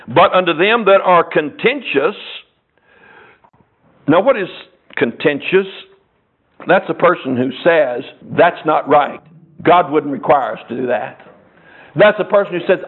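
A man preaching a sermon, reading scripture and stressing words slowly and forcefully. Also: a little high. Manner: emphatic, drawn-out preaching with mimicked voices. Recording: tinny phone-like lo-fi sound.

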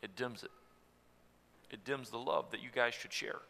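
A man, from Tennessee, preaching a sermon about marriage in an earnest way, going from soft to loud. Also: medium pitch, normal speed, vocal fry, in a large hall.

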